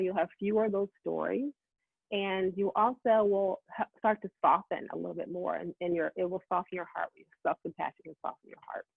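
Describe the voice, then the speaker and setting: Woman, middle-aged, motivational speaker, fast-talking, husky, dry phone-like sound. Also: medium pitch, dry recording. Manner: fast-talking, animated self-talk quotes. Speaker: summit speaker. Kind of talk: motivational talk. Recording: tinny phone-like line, dry.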